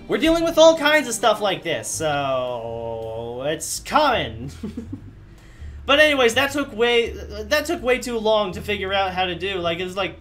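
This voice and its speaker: A man's voice: high-pitched, fairly bright tone. A man hosting a let's play, chatting casually and rambling about the game with filler words. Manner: rambling, self-deprecating, chatty. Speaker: gaming channel host.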